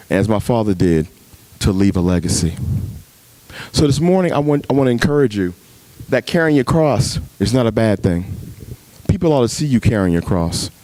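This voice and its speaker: A pastor preaches a sermon at a men's retreat, speaking directly to the men before him, with big pitch swings in his darkish voice. It climbs sharply as he acts out arguing with God and settles low when he gets personal. The sound is dry and close, with little room echo.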